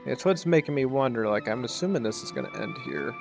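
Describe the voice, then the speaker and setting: Relaxed male gaming host, loose rambling commentary, faint game music under him. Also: mid-range voice, quick pace, vocal fry. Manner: laid-back, rambling. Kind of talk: casual gameplay commentary.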